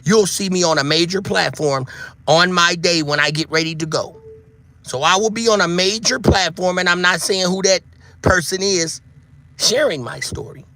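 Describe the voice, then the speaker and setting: A man, preaching to his online viewers in a loose monologue, swearing freely and shouting for emphasis. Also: high-pitched, normal speed. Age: 50s. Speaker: online show host.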